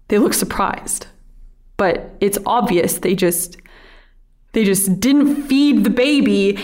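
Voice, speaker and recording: An actress playing a female paramedic who is falling apart, telling her story in a halting, confessional monologue. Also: mid-range voice. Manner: halting, confessional, rising to frantic yelling. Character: burnt-out female paramedic, restless and unraveling. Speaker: paramedic Anna. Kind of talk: audio drama monologue.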